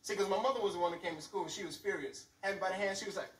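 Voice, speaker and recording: Hardly pausing, this high-voiced comic races through his club set at a very fast clip, telling animated stories and switching between many voices. The recording captures the club from far off, roomy, with faint background noise.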